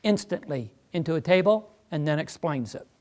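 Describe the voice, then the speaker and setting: A man speaking to a school district meeting, emphatic and persuasive, with quick asides to the audience. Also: a little high, expressive, a little mellow. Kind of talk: live presentation. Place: meeting room.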